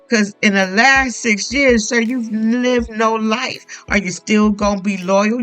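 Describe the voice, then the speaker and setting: A woman's voice: medium pitch, low-quality recording. Blunt, profane woman recapping reality TV. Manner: blunt, profane, animated retelling with quoted voices. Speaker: YouTube reality TV commentator. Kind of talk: casual recap commentary.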